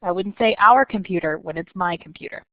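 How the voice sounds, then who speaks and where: Woman, patient teacher voice, clear explanations, muffled lo-fi audio. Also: on the low side, dry recording. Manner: clear, patient explaining with slow stressed examples. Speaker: French teacher. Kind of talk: recorded lesson narration.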